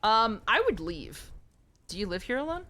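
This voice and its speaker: Playful woman game streamer, lively pitch. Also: normal speed. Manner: playful, jokey, chatty with viewers. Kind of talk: live gameplay commentary.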